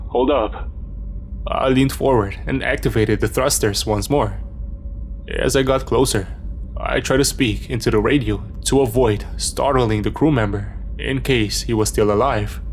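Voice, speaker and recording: A man narrating a first-person horror story in a steady, measured way, in a scripted storytelling style. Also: medium pitch, slight background noise.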